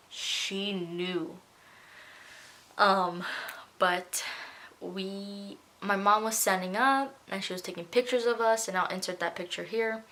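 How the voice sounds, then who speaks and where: Bright-voiced young woman, tearful storytelling. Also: medium pitch. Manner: emotional, tearful retelling. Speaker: vlogger. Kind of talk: casual storytelling vlog.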